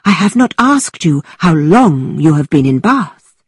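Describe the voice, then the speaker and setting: A woman voicing a witty young gentleman who speaks in a mock-formal, teasing manner, in a storybook reading. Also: low voice, sing-song, a little slow, slightly rough, dry recording, exaggerated voice. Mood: playful, theatrical.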